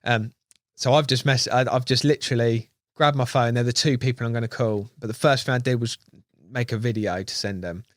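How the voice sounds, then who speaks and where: A young English man tells a fishing story in casual podcast chat, excitable and quick to swear. He acts out quotes loudly. The room sounds dry, with no echo. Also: mid-range voice. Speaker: guest angler.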